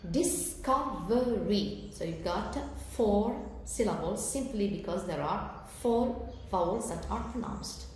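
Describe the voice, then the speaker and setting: A woman's voice: medium pitch, dark tone. Echoey Algerian-accented woman teaching English. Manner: slow, careful explanations with fillers and check-in "okay?". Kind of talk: recorded televised lesson. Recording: very echoey room with faint background noise.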